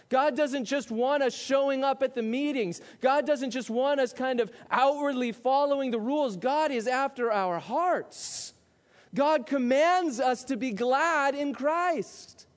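A man's voice: extremely high pitch, slow. A pastor preaching a sermon to his church, emphatic and full of rhetorical questions. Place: church sanctuary. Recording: long hall reverb.

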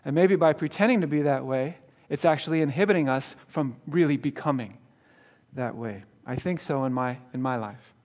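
A guest speaker gives a sermon at church, telling a joke story full of chuckles and stumbling, repeated restarts. His medium-pitched voice is a little mellow, at a normal speed.

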